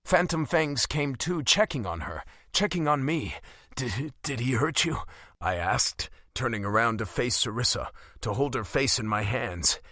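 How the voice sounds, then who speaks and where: Male first-person narrator, dramatic and charged, bright tone. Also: medium pitch, lively intonation, normal speed, hardly any pauses, dry recording, clean studio sound. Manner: dramatic, emotionally charged delivery. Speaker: audiobook narrator.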